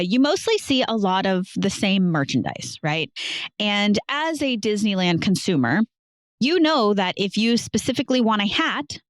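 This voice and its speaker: A woman's voice: mid-range voice, no echo, clean studio sound. A woman hosting a casual podcast, playfully telling a history story to her co-host and laughing easily.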